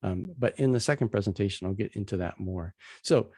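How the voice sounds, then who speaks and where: A man's voice: on the low side, fairly quick, dark tone, dry recording. A man casually teaching a Bible passage, retelling its scenes in plain, everyday slang as he walks through slides.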